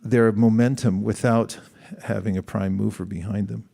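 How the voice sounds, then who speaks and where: A man's voice: on the low side, fairly even intonation, moderate pace, creaky, warm tone. A middle-aged man giving a conversational sermon, asking the audience questions and acting out quoted exchanges. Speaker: spiritual teacher.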